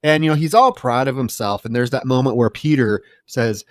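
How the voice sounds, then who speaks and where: A man co-hosting a podcast, recounting a film in a casual, wry, expressive way. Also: mid-range voice, brisk, dry recording, studio quality. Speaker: podcast co-host. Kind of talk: casual film review chat.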